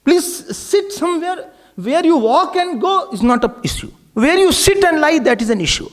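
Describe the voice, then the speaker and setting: An Indian English accented man teaching scripture in a lively discourse, his voice sitting high and leaping up and down through each sentence. He talks animatedly and drops Hindi and Sanskrit words into his English. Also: normal speed. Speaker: spiritual teacher.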